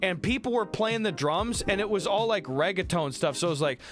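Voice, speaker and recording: A man hosts a livestream, chatting casually with a high voice that swings widely in pitch. He tells stories in an excitable, profane rush. Music plays clearly behind him. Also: fairly quick. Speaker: livestream host. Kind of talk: casual chat. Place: home streaming room.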